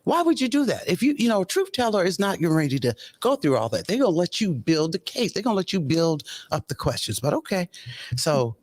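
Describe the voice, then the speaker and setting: A woman's voice: on the low side, a little fast, dry recording. A woman hosting a casual commentary show, reading out court testimony and reacting with sassy asides. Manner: animated, sassy, acts out quotes with colloquial asides.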